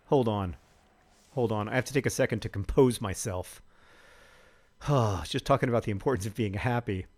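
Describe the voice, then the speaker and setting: A man hosting an advice segment while playing a football manager game, rambling and halting when reflective and bursting into loud, frustrated outbursts at the match. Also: medium pitch. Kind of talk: casual commentary over gameplay.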